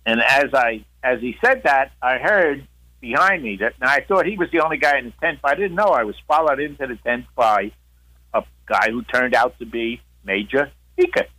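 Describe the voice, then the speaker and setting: A veteran guest in his seventies or older recounts a story during an interview, rambling with frequent "uh"s and acting out quotes. His mid-range voice is animated, pushed and bright at normal speed, with no echo but poor audio.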